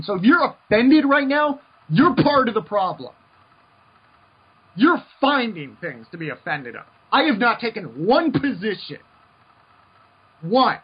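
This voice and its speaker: A man's voice: sits high, husky. A man hosting a podcast, delivering a heated, repetitive opinion rant with stumbling restarts. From United States. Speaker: podcast host. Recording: dull lo-fi recording.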